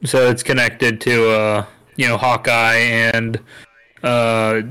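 Casting: male podcast co-host, smooth, clear voice, deadpan quips. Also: medium pitch, takes it slowly, rough recording. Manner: dry, joking asides. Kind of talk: casual chat.

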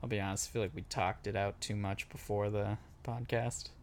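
A man's voice: fairly low pitch, little pitch movement, fairly quick, slight background noise. A man co-hosting a casual movie podcast, rambling through anecdotes and acting out the people in them. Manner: rambling storyteller, acts out quoted people. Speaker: podcast co-host.

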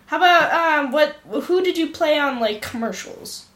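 High childlike-voiced woman, teasing. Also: normal speed. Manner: teasing, deadpan, jokey. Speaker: interviewer. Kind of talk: playful podcast interview.

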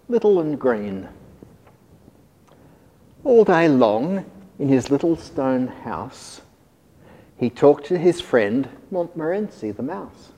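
Male storyteller, expressive sing-song delivery, lively pitch, mellow tone, in a reverberant hall. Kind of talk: rhyming storybook read-aloud.

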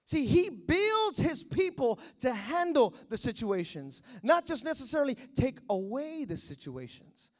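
A middle-aged man preaching a sermon, acting out quotes and breaking into sudden shouts. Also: very high-pitched, big pitch swings, measured pace. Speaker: pastor.

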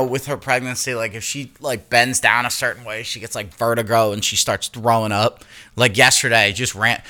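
A man in his thirties co-hosting a podcast, telling profane, animated stories with laughs in casual chat. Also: mid-range voice. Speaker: podcast co-host.

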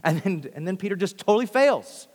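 A man's voice: high voice, expressive, a little fast, darkish tone. A man preaching a sermon earnestly, often repeating phrases and restarting sentences. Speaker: pastor. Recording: long hall reverb.

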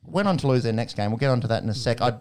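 A man's voice: medium pitch, lively intonation, very fast, a little mellow, clean tone. A man hosting a casual sports chat show, blokey and joking, with frequent laughs and the odd swear word. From Australia. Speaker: podcast host.

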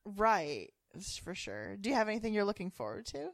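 Brief: young woman podcast co-host, lively swooping pitch, giggly, dry close sound. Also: brisk, no room sound. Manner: animated, giggly, lots of "like" fillers. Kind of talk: casual chat.

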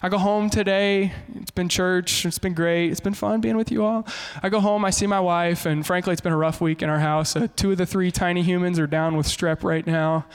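A man in his thirties preaching a sermon as pastor, animated and mixing in humorous stories. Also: high voice, a little fast, hardly any pauses, smooth.

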